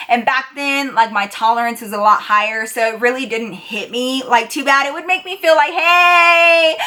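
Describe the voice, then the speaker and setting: A young woman telling a storytime on her vlog, chatty and animated, full of casual fillers. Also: a little high. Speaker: YouTuber.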